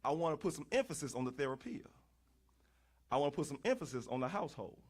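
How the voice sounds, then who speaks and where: A man's voice: a little high, fast, breathy edge. A man preaching a sermon, using folksy asides, rhetorical questions and repeated phrases. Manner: animated, rhetorical questions and repetition; folksy, addresses congregation as y'all.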